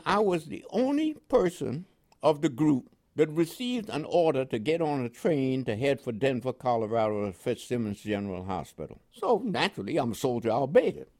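In an oral history interview, an older man born in Panama tells his life story at a medium pitch. His New York accent bears West Indian inflections, and he stays animated, chuckling often.

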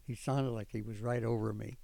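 An older man with a gravelly, mellow voice recounts his memories, stopping often with fillers as he rambles on. The sound is dry and close. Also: on the low side, steady tone, dry recording. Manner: rambling storytelling with frequent pauses and fillers. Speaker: veteran interviewee. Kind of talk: oral history recollection.

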